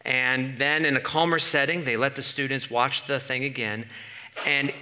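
A man preaching a sermon in an animated way, asking the room questions and building to emphatic peaks. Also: mid-range voice, moderate pace, a little hiss or hum.

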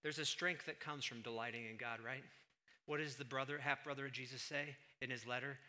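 Bright-voiced man preaching with emphasis. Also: mid-range voice, fairly even intonation, a little fast. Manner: emphatic preaching, swings from hushed to loud. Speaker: pastor. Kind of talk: sermon.

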